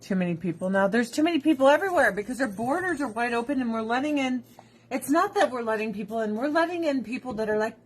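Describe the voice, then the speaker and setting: A woman with a fairly high-pitched voice chats casually while trying skincare products she sells. She rambles, swears freely and laughs often, with blunt opinions. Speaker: direct seller of skincare products.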